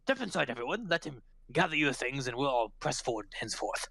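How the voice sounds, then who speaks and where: A man voicing a bossy male head constable who gives brisk orders. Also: mid-range voice, very animated, creaky, pushed and bright, no echo, full character voice. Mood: commanding.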